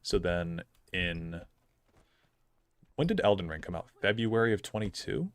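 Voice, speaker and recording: Young adult man, game streamer, low voice, dry close sound, rambling opinionated chat. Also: expressive, measured pace, no room sound. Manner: rambling, filler-heavy, opinionated. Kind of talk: casual gameplay commentary.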